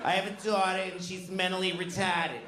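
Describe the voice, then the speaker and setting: A man voicing a blunt, crude old woman schoolteacher with a Boston accent, lecturing loudly and slowly. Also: high voice, little pitch movement, pitched above the performer's own voice. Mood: matter-of-fact. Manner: loud, slow, over-enunciated lecturing. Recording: roomy club with audience noise.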